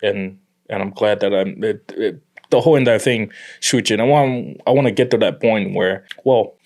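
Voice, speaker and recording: A young man from Tonga talking earnestly about his family in a conversation, with halting restarts. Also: on the low side. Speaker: guest. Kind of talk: emotional personal conversation.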